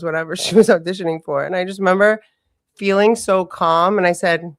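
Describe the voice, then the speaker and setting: A woman co-hosting a casual podcast, telling stories in a rambling, animated way and swearing freely. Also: on the low side, normal speed, no echo. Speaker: podcast co-host. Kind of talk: casual storytelling chat.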